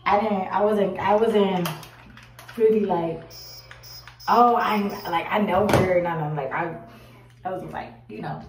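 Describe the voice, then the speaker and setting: A woman's voice: medium pitch, measured pace, pauses often, noisy background. A young woman in her twenties telling a casual storytime, acting out what she and others said and swearing casually. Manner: animated, acts out her own quotes, swears casually. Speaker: vlogger. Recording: roomy echo, a bit far from the mic.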